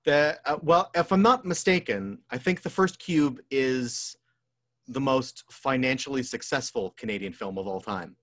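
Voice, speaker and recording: A man's voice: mid-range voice, normal speed, a bit bright. A man co-hosting a podcast in casual chat, rambling and filling gaps with "um" and "like". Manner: rambling, full of "um" and "like". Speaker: podcast co-host. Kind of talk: casual chat about movies.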